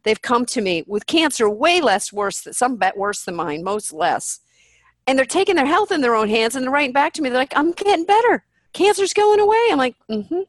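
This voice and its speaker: Outspoken woman guest, kinda high voice, blunt and animated, swears a lot, dry close sound. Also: normal speed, no echo. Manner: blunt and animated, swears freely, acts out quotes. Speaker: podcast guest. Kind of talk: candid conversational interview.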